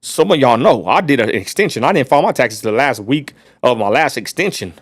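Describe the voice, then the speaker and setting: A blunt West Texas man rants on his livestream and keeps turning back to his viewers. His voice sits at a middle pitch. The sound is dry and close, with no room echo. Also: lively intonation, fairly quick, breathy edge. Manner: blunt, ranting, addresses viewers as y'all. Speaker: livestream host. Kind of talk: casual livestream rant.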